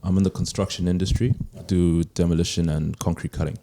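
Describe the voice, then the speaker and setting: Deep-voiced man, relaxed storyteller. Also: fast. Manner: relaxed storytelling, soft hesitant fillers. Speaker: podcast guest. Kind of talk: casual conversation. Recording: echoey room with background noise.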